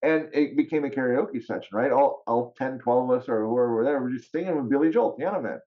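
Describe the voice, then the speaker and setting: Podcast guest, man, animated storyteller, middle pitch, slightly muffled lo-fi sound. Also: quick pace. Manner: animated, laughs often, acts out quotes. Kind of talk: casual storytelling.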